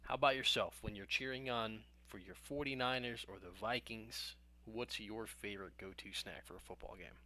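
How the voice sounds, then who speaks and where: Young male stream host, casual chatty delivery, slightly low pitch, bright and forceful tone. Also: normal speed, hardly any pauses. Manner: chatty, rambling and self-joking. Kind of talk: casual chat with live viewers.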